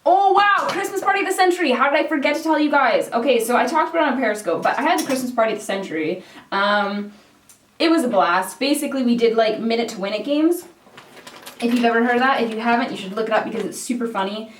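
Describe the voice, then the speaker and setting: A woman's voice: fairly high pitch, animated, fast, distant mic, slight background noise. A young Canadian woman in her twenties chatting casually while doing her makeup, full of filler words and casual swearing. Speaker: beauty vlogger. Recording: roomy sound, mic set back.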